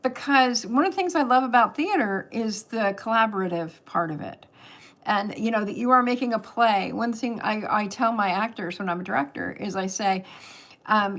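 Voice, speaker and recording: An older woman from California, USA, hosts a casual livestream into a webcam, rambling as she chats and laughing often. Her voice is mid-range and a bit bright, at normal speed.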